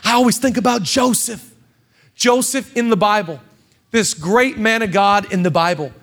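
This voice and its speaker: A man in his thirties preaching a sermon as pastor, swinging from hushed confession to shouted exhortation. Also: high-pitched, moderate pace. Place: church stage.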